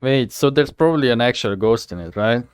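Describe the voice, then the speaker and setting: A man's voice: medium pitch, expressive, a little fast, clear, resonant tone, no echo. A man casually narrating a game he is playing, rambling and self-deprecating. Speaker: gamer reading and playing.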